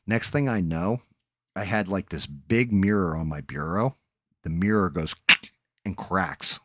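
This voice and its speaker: New man in his forties, very low voice, dry close sound, rambling profane storyteller. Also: a little slow, a bit bright, dry recording. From New Jersey. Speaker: streamer host. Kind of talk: casual storytelling chat.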